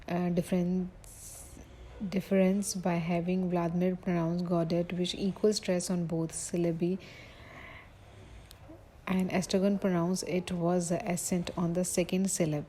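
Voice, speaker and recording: A woman giving a recorded literature lecture, reading from notes haltingly, with slips and self-corrections. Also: fairly low pitch, warm tone, slight background noise, poor audio.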